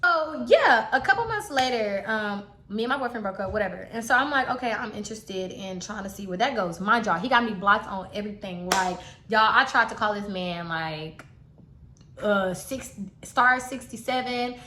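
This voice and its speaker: A young woman chatting casually to her viewers as she tells a personal story, animated and talkative. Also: mid-range voice, normal speed, slight background noise. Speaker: vlogger telling a personal story. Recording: roomy echo.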